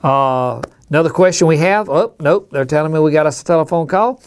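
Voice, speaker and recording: A man's voice: a little high, a little fast, slight background noise. A man from Alabama, hosting a hunting call-in show in a folksy, rambling way. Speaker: radio show host. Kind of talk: casual call-in chat.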